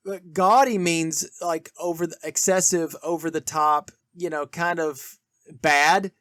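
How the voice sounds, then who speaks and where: Speaking a little slowly in a fairly high pitch, a man co-hosting a podcast discusses a film casually and can't wait to share trivia. His manner is chatty and animated, and the studio-quality recording has no room sound.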